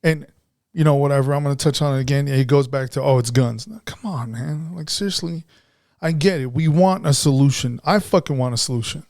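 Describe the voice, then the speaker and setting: A man's voice: a little high, brisk, a little mellow, dry recording, studio quality. A man co-hosting a podcast, talking in a blunt, frustrated way and swearing heavily in casual chat. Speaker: podcast co-host.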